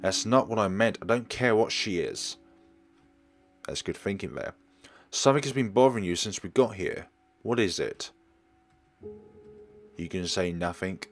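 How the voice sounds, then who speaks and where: A man voicing a calm, caring young companion in a horror game, gentle and reassuring. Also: low-pitched, moderate pace, pauses often, faint music behind.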